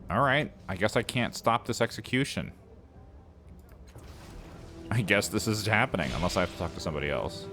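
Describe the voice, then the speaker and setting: A man's voice: fairly low pitch, expressive, moderate pace, long pauses, bright, forceful tone, soft background music. Sardonic man commentating a game. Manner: sardonic, wry asides. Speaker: game streamer. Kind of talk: let's-play commentary.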